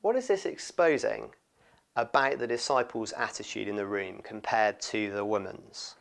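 A man preaching a sermon, expressive and lively, often acting out what people in the story say. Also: on the low side, moderate pace, gravelly. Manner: expressive, acts out quoted voices.

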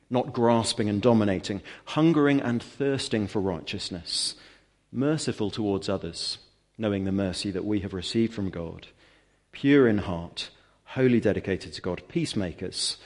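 A man's voice: on the low side, a little slow, darkish tone. A man preaching a sermon to his church, explaining scripture earnestly with rhetorical questions and emphatic repetition.

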